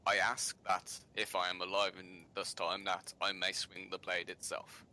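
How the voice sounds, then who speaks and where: A grim space marine warrior, played by a man, answers in terse, quiet lines. His voice is deep and flat, with a sharp, bright edge. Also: moderate pace.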